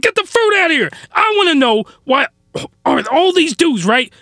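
Male anime recapper, very high and sharp-toned, exasperated ranting commentary. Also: big pitch swings, normal speed, dry recording, clean studio sound.

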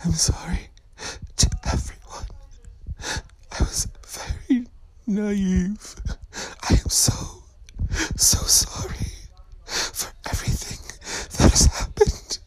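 A woman's voice: mid-range voice, expressive, takes it slowly, darkish tone, voice pushed up, rough recording. A woman in a parked car voicing a terrified, tearful young woman lost in the woods, in a whispered role-play recorded on a phone. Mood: tearful, frightened. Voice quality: breathy, whispering, sobbing.

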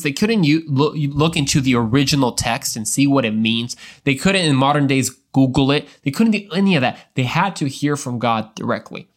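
A young adult man hosting a Christian devotional podcast, talking in an earnest, emphatic way with frequent restarts and repeated words. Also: fairly high pitch. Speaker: podcast host.

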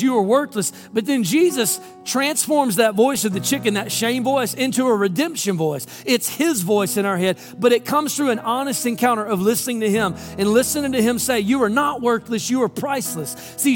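A male pastor with a high voice delivers an impassioned, emphatic sermon. He keeps throwing rhetorical questions at the congregation, and soft music plays faintly underneath. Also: expressive, moderate pace, few pauses.

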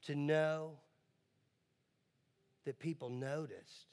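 A man's voice: fairly high pitch, steady tone, very slow. Preacher guy in his 40s, storytelling then getting fired up, lots of reverb. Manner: builds from quiet storytelling to loud, impassioned exhortation. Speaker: pastor. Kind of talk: sermon storytelling.

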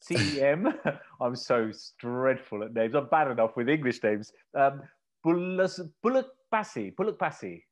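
A man's voice: medium pitch, expressive, normal speed. A young man co-hosting a casual motorsport chat, eager and self-deprecating. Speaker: motorsport podcast co-host.

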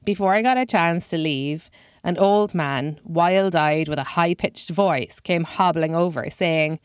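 A woman's voice: lowish voice, unhurried, no room sound. A woman telling a scripted personal story with dry, self-mocking humor.

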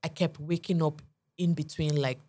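A woman's voice: deep voice, steady tone, moderate pace, mellow. A woman co-hosting a podcast, telling a personal story in casual chat and acting out the quoted lines. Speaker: podcast co-host.

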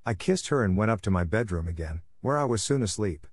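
Low-voiced man narrating a story. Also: lively intonation, no echo. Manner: measured, dramatic storytelling with emphatic quoted outbursts. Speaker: audiobook narrator. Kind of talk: scripted first-person narration.

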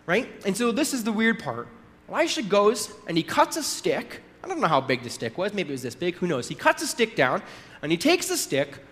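High-voiced man preaching in a reverberant hall. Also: a bit bright. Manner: conversational, storytelling with acted asides. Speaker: pastor. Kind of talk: sermon.

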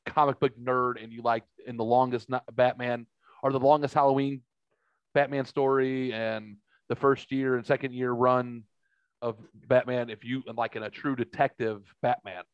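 A man's voice: mid-range voice, little pitch movement, normal speed, smooth, no room sound, lo-fi sound. Rambling man in his forties telling a story. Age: 40s. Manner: rambling, profane, acts out quoted voices. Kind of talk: casual storytelling chat.

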